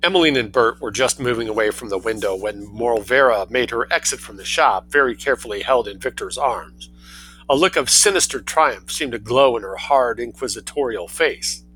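A man reading a story aloud in a relaxed, lively way, doing voices for the characters. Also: mid-range voice, normal speed, slight background noise, low-quality recording.

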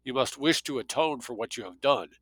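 A man reading as a calm, lecturing male agent. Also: mid-range voice, slightly rough, dry recording, rough recording. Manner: measured, lecturing monologue.

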